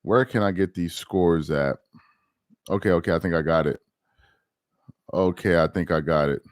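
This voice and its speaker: A man's voice: sits low, moderate pace, long pauses, no echo, clean studio sound. A man hosting a casual live stream, agitated, repeating himself and muttering while he searches. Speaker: livestream host.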